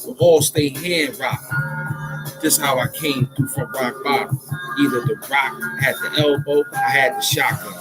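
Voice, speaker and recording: New guy from harlem freestyling over loud music, cocky and cussing, goes from yelling to muttering. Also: fairly even intonation, measured pace. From Harlem, New York. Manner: swaggering, profane, swings from loud shouts to low mutters. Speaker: rapper and vlogger. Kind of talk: freestyle rap and street talk to camera.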